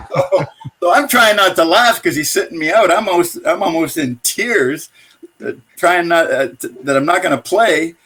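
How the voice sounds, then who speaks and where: Older man, higher voice, spinning yarns. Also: animated, measured pace, pauses often, fairly bright tone, slightly rough. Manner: chuckling, rambling anecdotes. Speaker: guest, former pro hockey player and coach. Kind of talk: casual storytelling.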